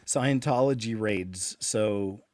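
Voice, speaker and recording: A man's voice: fairly low pitch, very slow, darkish tone, dry recording. A male host giving loose, conversational commentary on clips, chuckling now and then.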